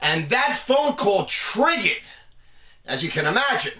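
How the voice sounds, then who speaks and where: A man hosting a live webcast monologue, talking in a playful, jokey way with drawn-out emphasis. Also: high voice, sing-song, bright, forceful tone, echoey room, far from the mic. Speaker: host.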